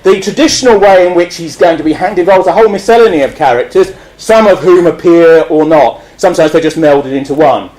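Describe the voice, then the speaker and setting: A man's voice: fairly high pitch, fairly quick, few pauses, a little mellow, low-quality recording. A man giving a wry, digressive lecture, laughing often. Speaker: speaker.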